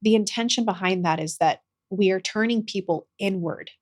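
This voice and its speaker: A young adult woman, guest on a podcast interview, speaking gently and earnestly about her healing work, at times getting emotional. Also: mid-range voice, moderate pace. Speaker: guest, somatic practitioner and author.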